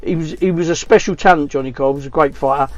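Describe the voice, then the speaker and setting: A man's voice: on the high side, quick pace, no echo. A middle-aged man who tells stories in a blunt, plain-spoken way during a casual chat. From England. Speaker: boxing coach and cab driver, guest. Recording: dull lo-fi sound with faint music.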